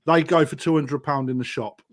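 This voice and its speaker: A man hosting a live fish auction, chatting casually, bursting loud and then dropping to quiet asides. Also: fairly high pitch, steady tone, a little fast. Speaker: auction host.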